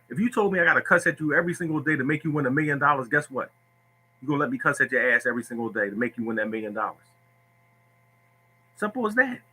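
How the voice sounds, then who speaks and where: A man's voice: mid-range voice, pushed and bright, slightly rough, poor audio. A man hosting a lottery tips livestream who speaks bluntly and preachily, repeating himself as he answers viewers.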